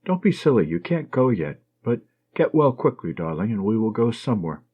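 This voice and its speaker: Narrating an audiobook, a man takes on the part of an affectionate, teasing young nurse, his husky voice slightly raised and lively in its rises and falls. He speaks at medium pitch and a little fast with a tender mood, and the recording is dull and lo-fi.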